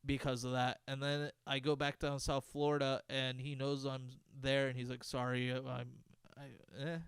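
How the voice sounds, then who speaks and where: A man's voice: mid-range voice, completely flat delivery, moderate pace, smooth, no echo. A young man co-hosting a podcast in casual chat, with a rambling, self-deprecating way of telling stories. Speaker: podcast co-host.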